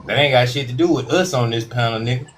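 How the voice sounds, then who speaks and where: A man's voice: medium pitch, fast talker, fairly bright tone, a little hiss or hum. Insistent man on a panel. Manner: preachy, insistent. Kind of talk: casual panel debate.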